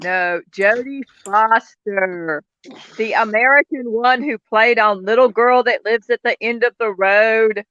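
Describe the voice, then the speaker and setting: Bright sharp voice teasing friends on a call, kinda muffled mic. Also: mid-range voice, unhurried, dry recording. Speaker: participant in an online chat. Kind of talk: casual group chat.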